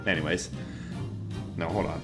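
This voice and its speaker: A man's voice: low voice, fairly even intonation, moderate pace, gravelly, over music. A young man giving casual game commentary at a home desk mic, with offhand, joking asides. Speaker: let's play host.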